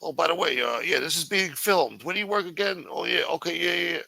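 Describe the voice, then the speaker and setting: A man's voice: a little high, fairly quick, gravelly, pushed and bright, no echo, pitched above the performer's own voice, exaggerated voice, rough recording. A man putting on a mocking voice of a needy, shifty drifter who rambles and wheedles. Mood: whiny. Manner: whiny, wheedling mockery.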